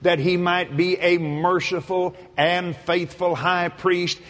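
A man preaching a sermon in a folksy, animated way, breaking into shouts and laughter. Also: high voice, takes it slowly. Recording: long hall reverb.

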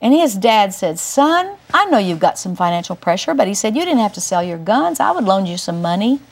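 An older woman giving a Christian teaching through a personal testimony, telling it emphatically with big swings up in pitch. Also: big pitch swings, fairly quick. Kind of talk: testimony-style Bible teaching.

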